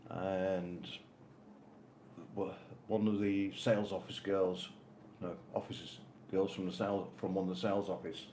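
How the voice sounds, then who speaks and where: Low-voiced older man, dry banter. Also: flat delivery, measured pace, warm tone. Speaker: co-host of live stream. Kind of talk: casual live stream chat. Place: home in Spain. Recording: roomy with faint noise.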